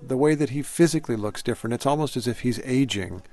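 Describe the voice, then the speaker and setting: A man interviewing a filmmaker, describing scenes and asking questions in a measured way. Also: mid-range voice, darkish tone. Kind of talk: radio-style interview questions and film description.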